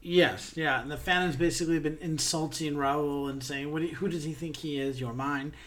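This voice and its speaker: A woman's voice: sits low, steady tone, moderate pace, slight background noise. A woman co-hosting a casual chat, animatedly retelling a musical's plot and acting out the characters' lines. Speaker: podcast co-host.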